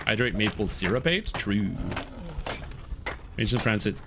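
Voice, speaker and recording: A Canadian man with a general North American accent, chatting casually on a game stream and enunciating each word clearly. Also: fairly low pitch, fairly even intonation, moderate pace, long pauses, background noise. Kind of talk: casual live-stream chat.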